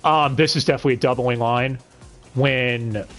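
A man's voice: mid-range voice, fairly even intonation, normal speed, fairly bright tone, soft background music. Blunt, swearing man reviewing a show. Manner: blunt and swearing, with bursts of incredulous exclamation. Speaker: podcast host reviewing an anime dub. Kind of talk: casual review talk.

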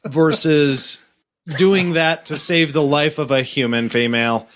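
A man's voice: a little high, fairly even intonation, a little slow, a bit bright. A man co-hosting a casual podcast, thinking aloud with lots of restarts and repeated words. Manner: hesitant, repeats words while reasoning. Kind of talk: casual debate chat.

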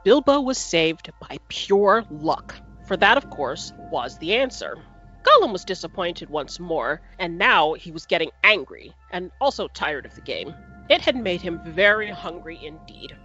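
Animated woman reading a storybook aloud. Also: on the low side, a little slow, lo-fi sound, faint music behind. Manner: expressive, animated narration. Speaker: podcast host and reader.

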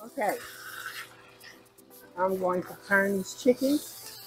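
A woman's voice: mid-range voice, slow, soft background music, poor audio. A woman cooking at the stove in a home kitchen, chatting casually and narrating each step for her viewers. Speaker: home cook.

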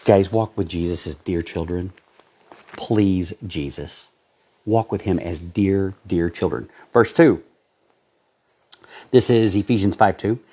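A man preaching a sermon as a pastor, swinging between loud exhortation and hushed pleading. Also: low-pitched, slow, pauses often, breathy edge.

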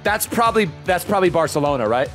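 A young man giving lively, excitable commentary as he plays a football video game, talking straight to his viewers and venting when things go wrong. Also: high-pitched, fast, soft background music. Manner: animated, talks to viewers, frustrated outbursts. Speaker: gaming YouTuber.

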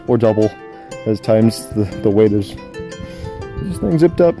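A man's voice: on the low side, animated, moderate pace, pauses often. A young man joking around and narrating to the camera while hiking outdoors on a mountain trail. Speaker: vlogger. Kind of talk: casual hiking vlog. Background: music.

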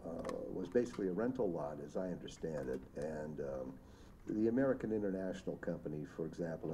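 A man with a very deep voice tells behind-the-scenes stories from a film set in a rambling way. His pitch swings widely as he acts out the people in his anecdotes, and faint noise sits under the recording. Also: dark tone. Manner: rambling anecdotes with vivid impressions. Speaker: makeup artist. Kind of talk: recorded commentary interview.

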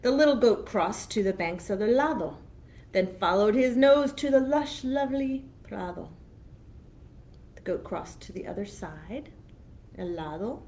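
A woman children's librarian reading a picture book aloud slowly and expressively, pausing to explain each foreign word. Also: medium pitch, darkish tone, a little hiss or hum.

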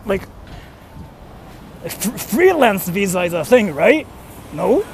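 A young freelance voice actor rambles casually into his phone, full of fillers and questions to himself. His voice sits high for a man. Faint traffic and city sound murmur around him outdoors. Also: big pitch swings, slow. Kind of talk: casual vlog talk while walking. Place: outdoors on a street, walking to a station.

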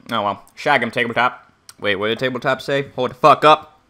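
A man's voice: medium pitch, fairly quick, pushed and bright. A man streaming a game, chatting casually with viewers in a crude, rambling, joking way. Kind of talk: casual livestream gameplay commentary.

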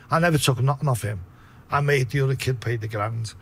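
A man with a Liverpool accent telling profane, animated stories in a casual interview. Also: medium pitch, a little fast, vocal fry, husky. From Liverpool, England. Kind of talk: casual storytelling.

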